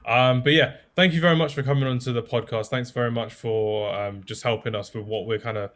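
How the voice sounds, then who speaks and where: A man's voice: medium pitch, steady tone, brisk, fairly bright tone. A man hosting a casual football podcast, chatty and self-deprecating, with many fillers. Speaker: podcast host.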